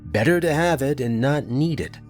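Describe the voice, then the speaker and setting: A man's voice: medium pitch, animated, moderate pace, a little mellow, faint music behind, pitched above the performer's own voice, natural voice. A man voicing a curt small-town sheriff who speaks in clipped, terse words in a storybook. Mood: advising.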